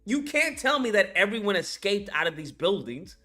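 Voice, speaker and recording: A movie reviewer gives a casual ranting film recap, rambling and crude and full of fillers. His high voice is very animated, pushed and bright, at a normal speed. Soft music plays in the background.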